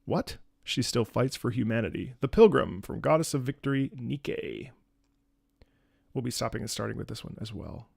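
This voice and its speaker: Gravelly, earnest man streaming. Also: mid-range voice, animated, normal speed, a little mellow, no echo, studio quality. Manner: rambling, repeats words and restarts often; earnest, swears casually. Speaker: streamer reacting to music. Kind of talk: casual livestream chat.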